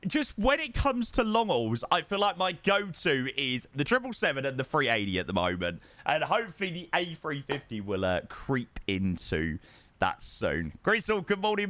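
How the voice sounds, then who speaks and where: A man's voice: on the high side, pushed and bright, no echo. A young man streaming a flight sim, chatting casually and answering his viewers from a home setup. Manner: chatty, greets viewers, reads and answers chat. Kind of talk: casual live-stream chat.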